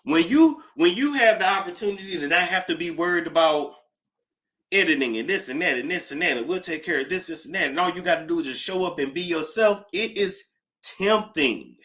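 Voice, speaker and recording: Chatty male livestream host with a bright, forward voice; animated and talkative. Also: a little high, fairly quick. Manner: animated, chatty, reading out donor thanks. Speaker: YouTube gossip host. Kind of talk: casual livestream chat.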